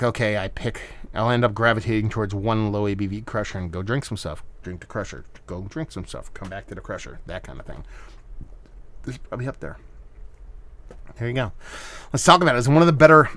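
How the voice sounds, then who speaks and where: A man's voice: fairly low pitch, fairly bright tone. A man giving a casual solo beer review, rambling and hedging with plenty of fillers and restarts.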